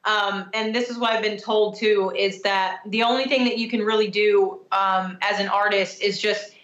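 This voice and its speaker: A woman's voice: mid-range voice, steady tone, moderate pace, a bit bright, lo-fi sound. Earnest woman guest in an echoey room. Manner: earnest, heavy with fillers. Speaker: guest musician. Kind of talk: casual interview answer.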